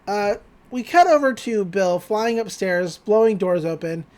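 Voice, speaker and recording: A man's voice: high voice, measured pace. A man co-hosting a podcast, casually recapping a cartoon episode and retelling scenes with a lot of energy. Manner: animated retelling, quotes characters in put-on voices, laughs often. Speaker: podcast co-host.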